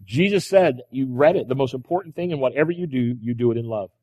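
A male pastor preaches emphatically in a church sanctuary, repeating key phrases and putting rhetorical questions to the congregation. His mid-range, darkish voice moves quickly, the highs are cut off, and the hall adds long reverb.

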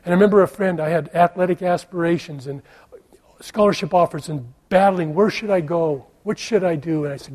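A man preaching a storytelling sermon. His voice sits fairly high but sounds mellow and slightly husky. He drops to near-whispers, then rises into loud, emphatic questions. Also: brisk. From United States. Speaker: pastor.

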